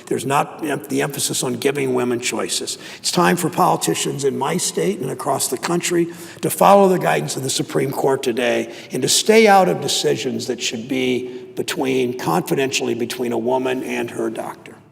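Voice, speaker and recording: A man's voice: mid-range voice, normal speed, vocal fry. A man in his sixties, a senator from Ohio, giving an emphatic political speech in a legislative chamber, driving points home with repeated phrases. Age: 60s. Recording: long reverb of a large chamber.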